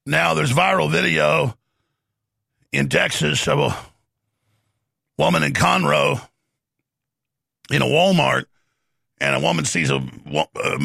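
A middle-aged man hosting a talk show, delivering a forceful, rapid, ranting monologue from a studio. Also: medium pitch, creaky, no room sound. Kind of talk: impassioned talk radio monologue.

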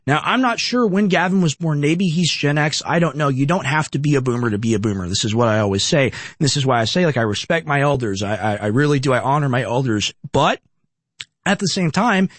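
A man's voice: medium pitch, lively intonation, fairly quick, no echo. A young man hosting political commentary, emphatic and ranting, firing off repeated rhetorical questions.

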